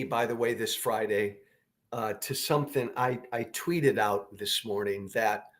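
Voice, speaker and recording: Slow, blunt man ranting. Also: mid-range voice. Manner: blunt, profane, repeats points for emphasis. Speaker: political talk show host. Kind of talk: opinionated political commentary.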